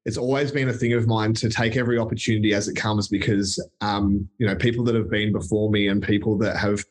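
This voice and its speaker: An Australian man being interviewed as a company chief, speaking in a relaxed, thoughtful way with frequent pauses. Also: on the low side. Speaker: company CEO, guest. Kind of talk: casual interview chat.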